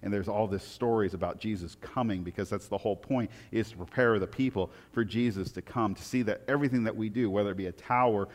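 A man preaching a storytelling sermon, retelling the story with animated energy and frequent stammered restarts. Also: fairly low pitch, fast talker, few pauses. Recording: long hall reverb.

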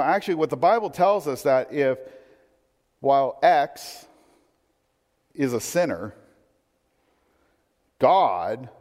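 A man preaching a sermon in a conversational teaching manner, lifting his voice when he reads scripture and dropping low for asides. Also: darkish tone. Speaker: pastor. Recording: long hall reverb.

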